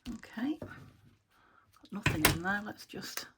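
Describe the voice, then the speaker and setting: A woman's voice: mid-range voice, animated, slow pace. Woman, British accent, crafting tutorial, thinking aloud, half-whispered muttering, noisy home recording. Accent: British English. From United Kingdom. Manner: self-talk, thinking aloud, chuckling. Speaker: crafter demonstrating junk journal making. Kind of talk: chatty crafting tutorial, talking to herself.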